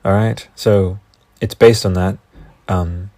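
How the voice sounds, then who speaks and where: Low gravelly-voiced man, excitable and profane. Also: slow, no echo. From Australia. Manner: excitable, profane, tangent-prone. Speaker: podcast host. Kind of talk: casual solo podcast rambling.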